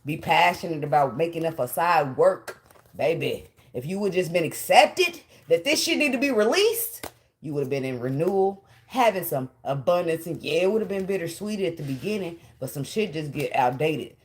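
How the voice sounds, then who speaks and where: A woman with a low, deep voice reads tarot cards in a loose, casual way. She talks bluntly and swears freely, and she laughs often as she goes. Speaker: tarot reader.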